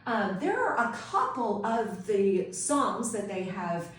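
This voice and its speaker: A woman's voice: medium pitch, sing-song, takes it slowly. Upbeat woman tutor in an echoey room. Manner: upbeat, enthusiastic explaining. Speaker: homeschool co-op tutor. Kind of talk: instructional teaching video. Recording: very echoey room, distant mic.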